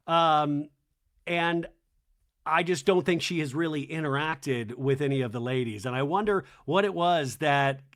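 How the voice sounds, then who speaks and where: A man hosting a podcast, recapping a reality TV episode in a chatty way and acting out the cast's lines. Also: a little high. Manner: lively, acts out cast members' lines in exaggerated voices; chatty and conversational, with "right?" tags. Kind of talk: animated solo recap commentary.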